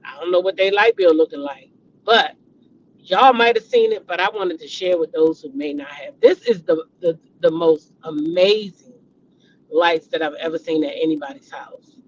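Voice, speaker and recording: A woman's voice: fairly low pitch, lively intonation, moderate pace, gravelly, highs cut off, slight background noise. A middle-aged woman hosting a casual commentary show, chatty and swearing, talking to viewers as y'all. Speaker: host.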